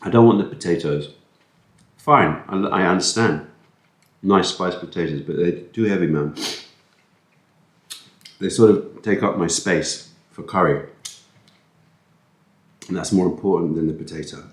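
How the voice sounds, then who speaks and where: Eating curry at an indoor table, a low-pitched man rambles casually on camera at a measured pace, pausing often. He's self-deprecating and sometimes speaks with his mouth full, his food-vlog audio picked up by a camera-mounted mic in a roomy space.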